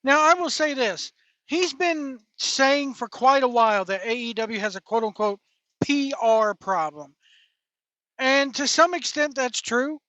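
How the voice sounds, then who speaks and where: A man's voice: very high-pitched, a bit bright, no echo, muffled recording. A man hosting a wrestling podcast, giving a rambling, opinionated commentary monologue that repeats itself.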